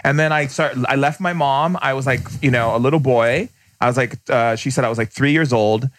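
A man speaks as a podcast guest and shaman, telling stories with blunt emphasis and quick bursts. He slips into the voices of the people he quotes, jumping his pitch up and down. His voice sits in the middle range, recorded close and dry. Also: a bit bright, no echo. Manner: acts out quoted people with big pitch jumps. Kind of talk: animated storytelling in conversation.

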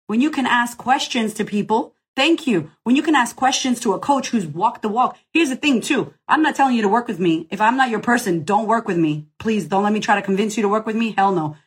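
A woman's voice: on the high side, animated, brisk, hardly any pauses, husky. A woman business coach answering questions in a casual live Q&A, blunt, profane and emphatic, rallying the listener directly.

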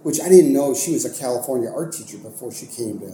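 A man's voice: mid-range voice, fast. A young man from Ohio, an art teacher and coach, telling stories in a casual podcast interview, rambling with many fillers and restarts. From Ohio, United States. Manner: rambling, animated, many fillers and self-corrections. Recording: echoey room with faint noise.

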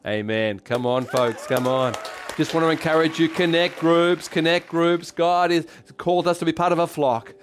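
An Australian pastor, a man, delivering a fervent sermon and leading his listeners in prayer. He repeats phrases and slows down to stress key lines. Soft music plays faintly behind his voice. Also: fairly high pitch, steady tone.

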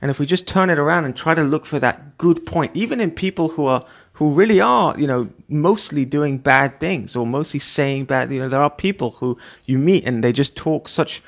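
Speaking at a normal speed with few pauses, a middle-aged podcast host with a fairly high voice gives a sincere motivational talk. He repeats himself for emphasis and every so often imitates a parent scolding someone.

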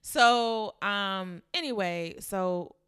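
A woman's voice: medium pitch, drawn-out words, a bit bright, smooth. A woman in her twenties, a guest telling a candid story in casual chat, laughing often. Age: 20s.

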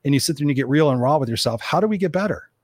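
Fast-talking, blunt motivational host. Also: male voice, on the high side, no echo, studio quality. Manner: blunt and energetic, swears freely; rambling, with many restarts and fillers. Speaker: motivational speaker and show host. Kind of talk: unscripted livestream Q&A, reading viewer comments.

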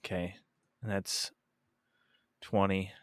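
A man's voice: deep voice, level tone, slow pace, clean tone, no room sound, studio quality. A man playing a tabletop game, thinking aloud and hesitating as he asks about his options. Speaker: player. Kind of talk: casual chat at a game table.

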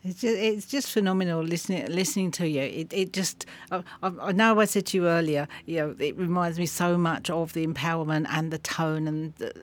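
A woman's voice: fairly low pitch, fairly quick, hardly any pauses. A woman hosting a podcast, full of praise and stammering over the starts of her sentences. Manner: effusive, repeats her words and stammers when she starts a thought. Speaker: podcast host. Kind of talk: casual interview chat.

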